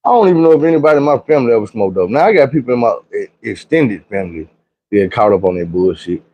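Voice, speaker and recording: A man from Arkansas spins a casual storytime tale full of profane slang. His pitch swoops all over the place as he acts out everyone he quotes. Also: animated, quick pace, highs cut off.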